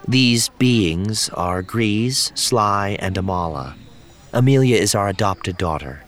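Brief: male reader as a measured, firm woman leader, low voice lightly lifted. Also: expressive, fairly bright tone.

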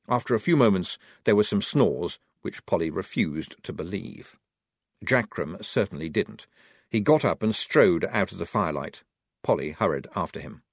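Anlatım yapan canlı sesli adam. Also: male voice, sits low, breathy edge, no echo, studio quality. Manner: expressive, varied delivery. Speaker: audiobook narrator. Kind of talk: scripted narration.

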